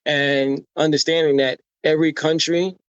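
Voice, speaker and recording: Interviewed on a podcast, an American man with a fairly high, fairly bright, clean voice speaks at a moderate pace with a flat delivery while telling personal stories with energy, acting out the voices of people he quotes and often adding "right?" to draw the listener in. There's no echo, though the audio is dull.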